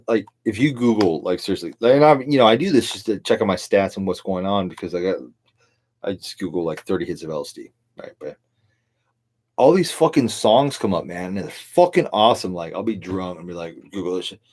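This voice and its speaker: Rambling, tipsy middle-aged man, low voice. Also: darkish tone, slight background noise. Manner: rambling, profane, laughing often. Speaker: livestream host. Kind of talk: rambling drunken monologue.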